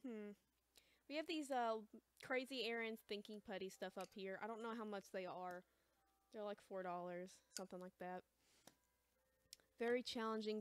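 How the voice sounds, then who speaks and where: A young woman with an American accent chatting casually while selling comics on a livestream, hesitant and rambling, calling herself quiet and awkward. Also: medium pitch, normal speed, pauses often, clean tone. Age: young adult. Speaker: shop livestream seller. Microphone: close mic, chewing gum.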